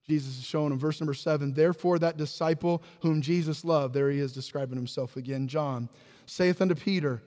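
High-voiced pastor preaching in a reverberant hall. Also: male voice, fairly quick. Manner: reads scripture aloud, alternating with rhetorical questions to the congregation; swings between raised declarations and hushed asides. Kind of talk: sermon. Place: church sanctuary. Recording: long reverb of a large hall.

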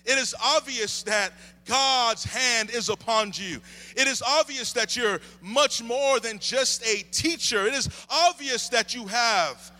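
A man's voice: very high voice, slow, pushed and bright. A man in his thirties preaching a sermon, building intensity through repeated refrains. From United States. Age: 30s. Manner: impassioned preaching with rising emphasis and repeated refrains. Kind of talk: sermon with opening prayer.

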